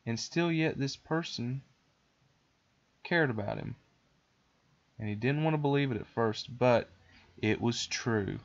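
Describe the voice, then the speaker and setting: A podcast host, a man with an ordinary mid-range voice, rambles through a story with lots of "um"s and restarts. He sounds casual and animated. The audio is dull and lo-fi. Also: mid-range voice, unhurried, pauses often. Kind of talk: casual retelling of a cartoon.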